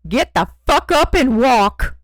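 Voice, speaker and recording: A woman voicing a blunt, gruff female FBI agent in an audiobook, dropping her voice low. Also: animated, measured pace, dry recording, clean studio sound. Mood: commanding. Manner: gruff, commanding. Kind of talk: audiobook character reading.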